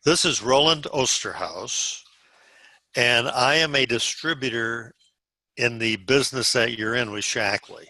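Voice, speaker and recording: This is a man coaching his sales group over a video call. His voice is bright and forceful, recorded close with no room sound. He lays out phone scripts one step at a time, like an instructor. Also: mid-range voice, a little slow, no echo. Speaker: sales team leader.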